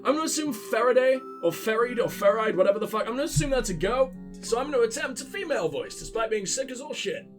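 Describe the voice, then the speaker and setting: A high-pitched man rambling through a video game with profane, sarcastic asides. His voice leaps all over the place, with faint music underneath. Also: animated, quick pace. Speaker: let's play host. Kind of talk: gaming commentary.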